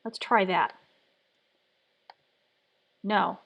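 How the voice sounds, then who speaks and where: Streaming a live design session from her home workspace, a woman mutters to herself and thinks aloud as she tries one thing after another. Her medium-pitched voice is steady and creaky, she speaks very slowly, and the sound is lo-fi.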